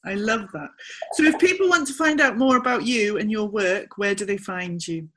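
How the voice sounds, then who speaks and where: A woman's voice: medium pitch, normal speed, a crowd in the background. A woman hosting a podcast, interviewing a guest in a friendly way and affirming her often. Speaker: podcast host. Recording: music playing behind.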